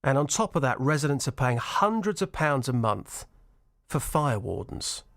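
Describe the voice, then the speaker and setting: A man presenting a radio show, interviewing people outdoors at a protest in an animated, sympathetic way. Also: mid-range voice, moderate pace, vocal fry, dry recording, studio quality. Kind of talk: radio interview and reading placards.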